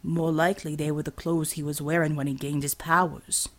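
A woman voicing a gentle male hero speaking in a soft and serious tone. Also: low voice, level tone, a little fast, voice pushed down, close to an everyday voice. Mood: earnest. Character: earnest, gentle male armored giant.

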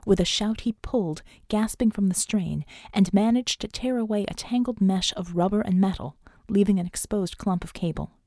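A woman's voice: medium pitch, normal speed, hardly any pauses, dark tone, no room sound. Woman reading an audiobook, dry sound. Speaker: audiobook narrator. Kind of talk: scripted narration.

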